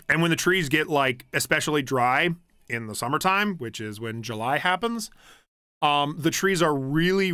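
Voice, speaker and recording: A young man from the United States, his voice a little high and sharp, streams from home in a dry, studio-quality recording. He casually chats through viewer comments, rambling and restarting, with easy swearing and laughter.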